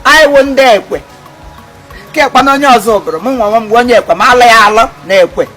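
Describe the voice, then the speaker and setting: A man with a Nigerian accent performing a comedy skit as an uncle, loud and theatrical, stammering and wailing. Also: extremely high pitch, animated, fast talker, rough recording. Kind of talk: comedy skit, mixing Igbo and pidgin English. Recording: music playing behind.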